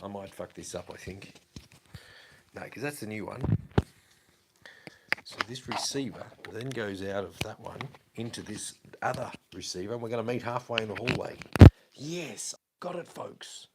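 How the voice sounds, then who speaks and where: A man's voice: fairly low pitch, animated, normal speed, heavy background noise. A man, chatting casually and swearing as he tinkers with gear on a wireless mic while walking through his house. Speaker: livestream host. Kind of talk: casual rambling livestream talk. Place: walking around a house, down a hallway.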